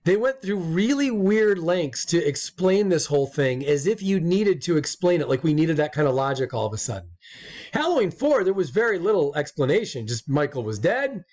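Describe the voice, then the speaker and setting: Male co-host with a fairly high voice, loose and profane, rambling with restarts. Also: moderate pace. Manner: stumbling repeats when excited. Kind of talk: casual chat.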